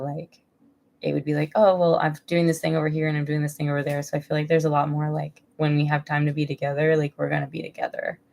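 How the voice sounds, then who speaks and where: A woman's voice: deep voice, vocal fry, warm tone. A woman in her thirties chatting casually on a live stream from home, rambling and emotional, laughing often. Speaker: vlogger.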